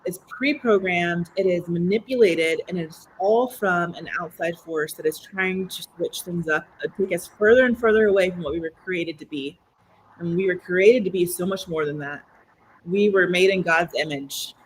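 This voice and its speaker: A woman's voice: on the low side, normal speed, low-quality recording. Female panelist, emphatic and preachy, light background hiss. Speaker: panel guest. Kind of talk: opinionated panel talk.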